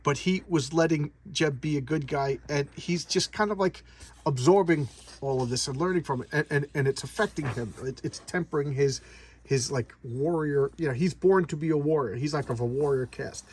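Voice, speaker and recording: A man talks through a comic book's story in a casual, rambling way, often stumbling over and repeating his words. His voice is a little husky and sits somewhat high for a man. He sounds eager as he recounts the action. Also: normal speed. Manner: enthusiastic recap of a plot. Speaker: comic book reviewer. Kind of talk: casual chat.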